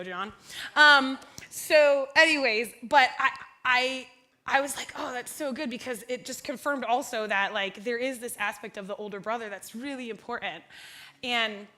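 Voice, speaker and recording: A woman's voice: on the high side, moderate pace, sharp tone. A young woman preaching a sermon in church, chatty and self-deprecating, asking the congregation questions. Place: church sanctuary.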